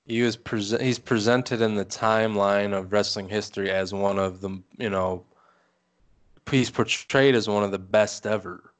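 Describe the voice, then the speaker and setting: Low-voiced man in easygoing chat. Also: moderate pace. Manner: relaxed, hesitant, lots of "um". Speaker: podcast co-host. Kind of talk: casual chat.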